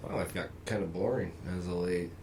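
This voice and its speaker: Male podcast guest, low register, wisecracking and profane, faint background noise. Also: steady tone, a little mellow. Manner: joking, profane, quick interjections. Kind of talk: casual chat.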